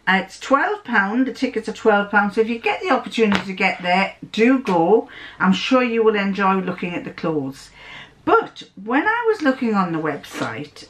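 A woman's voice: mid-range voice, fairly bright tone. An older woman with a Northern English accent chats through a casual sewing vlog. She digresses freely, restarts her sentences, and acts out little remembered exchanges along the way. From north of England. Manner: rambling, digressive, with frequent restarts and acted-out quotes. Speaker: sewing vlogger.

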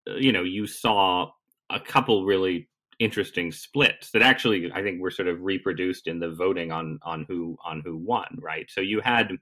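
A man's voice: low-pitched, moderate pace, pushed and bright. A man being interviewed as a guest columnist, talking casually with wry, self-deprecating humor.

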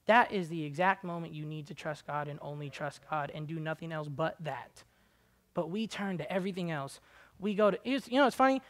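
A man preaching a conversational sermon, casual and chatty with many "like" fillers, swinging between quiet asides and loud, high exhortation. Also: animated, brisk.

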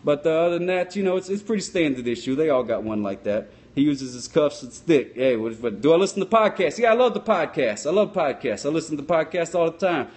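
A man's voice: a little high, very animated, fairly quick, few pauses, darkish tone. A man voicing a dopey, boastful sock-puppet cop who rambles in a comic question-and-answer. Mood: rambling. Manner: rambling, dim-witted bravado.

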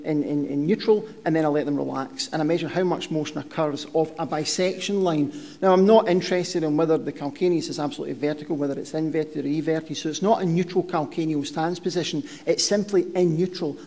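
A middle-aged podiatry researcher gives a conference presentation in a lecture hall, with reverberant room sound. His voice is a little high and a little mellow, and he explains steadily despite frequent ums and restarts.

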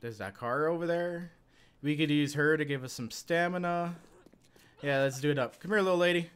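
A man's voice: on the high side, moderate pace, smooth. A young Canadian man streaming a survival game live, chatting casually and yelping and laughing when things go wrong. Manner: excitable, yelps and laughs in panic. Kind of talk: live gameplay commentary.

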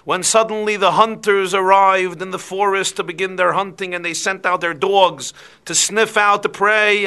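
A man, a rabbi, giving an evening class and telling stories in an animated way. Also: high voice, clean tone. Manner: animated storyteller. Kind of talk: lecture with storytelling.

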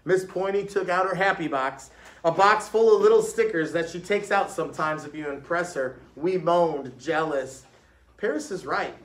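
A man reading a children's book aloud, animated, giving each classroom character a voice. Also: fairly high pitch, normal speed, reverberant. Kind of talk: read-aloud storytelling.

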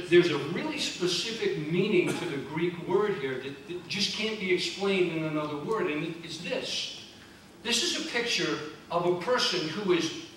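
A high-pitched man preaches to his congregation, talking plainly and pressing his points with repetition. His voice rings through a very reverberant church, picked up from a distance with a faint hiss underneath. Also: fairly bright tone. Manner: conversational, emphatic preaching with repeated phrases. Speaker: pastor. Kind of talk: sermon. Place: church sanctuary.

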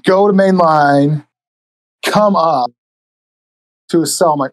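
Speaking slowly in a higher-pitched voice, this podcast guest tells casual, meandering stories, cursing often and keeping things relaxed. The sound is poor, captured dry on an inexpensive USB mic with no room sound.

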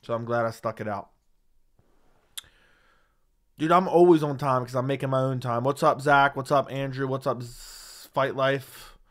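Into a studio dynamic mic, an MMA commentary host delivers a heated, profane livestream rant full of emphasis. His voice is medium-pitched and steady, at a moderate pace with long pauses.

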